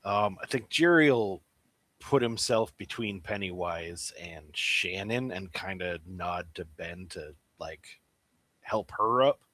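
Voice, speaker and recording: A man playing a tabletop game in a relaxed, laid-back way. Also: low-pitched, takes it slowly. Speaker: player. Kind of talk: casual tabletop role-play.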